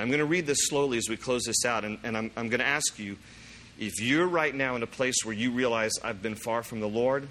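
Bright-voiced preacher man. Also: medium pitch, a little hiss or hum. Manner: emphatic, slowing down to read scripture aloud. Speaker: pastor. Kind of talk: sermon.

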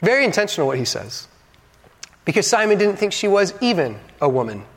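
Pastor guy preaching, fairly high voice, big dramatic pauses, hall echo trailing off. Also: very animated, breathy edge. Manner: dynamic preaching, dramatic pauses, acts out quotes; joking asides to the congregation. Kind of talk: sermon. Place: church hall. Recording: long reverb of a large hall.

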